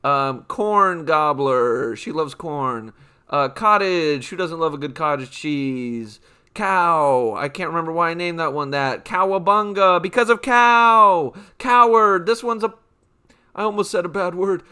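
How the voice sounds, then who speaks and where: Young man, fairly high and crisp, for a comedy list-read: stretch each name, then rattle off the punchline. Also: expressive, pushed and bright. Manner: rambling punny asides between names; drawn-out name reads with quick offhand quips. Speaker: comedy channel host. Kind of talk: comedic list-reading of nicknames.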